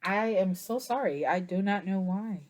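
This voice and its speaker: A woman's voice: medium pitch, moderate pace, a little mellow. A tired woman giving a casual tarot reading to camera, chatty and meandering, with many fillers and yawns. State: tired, yawning. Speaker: tarot reader.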